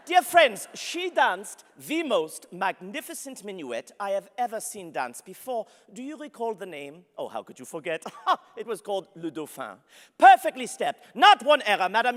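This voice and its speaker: Very high-pitched and very animated, a man's fairly bright voice moves at a normal speed in a heavily acted performance as an ardent, flamboyant young French nobleman. He is a historical character interpreter telling his story grandly and laughing often for an audience, with the long echo of a large convention hall behind him.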